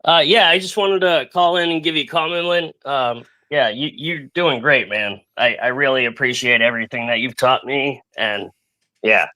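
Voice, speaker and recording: A man's voice: mid-range voice, moderate pace, bright, forceful tone, rough recording. A man calling in to a talk show, speaking earnestly and appreciatively. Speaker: caller. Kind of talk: casual chat.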